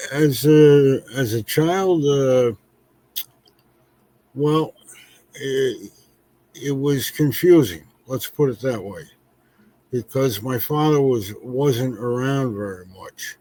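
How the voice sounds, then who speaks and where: A man in his eighties from New York, answering interview questions slowly with many pauses and fillers. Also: mid-range voice, expressive, dark tone. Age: 80s. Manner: slow, halting, many fillers. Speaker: guest, author.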